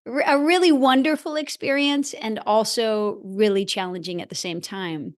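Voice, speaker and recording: A woman speaking as a podcast guest in an interview, earnest and expressive, stretching key words as she talks about her teaching. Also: a little high, normal speed. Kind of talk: reflective interview talk.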